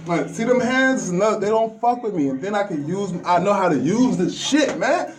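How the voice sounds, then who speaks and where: Man, high voice, profane spiritual rant, preachy and confrontational, repeats himself. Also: sing-song, moderate pace, crowd noise, rough recording. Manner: repeats words, trails off and restarts.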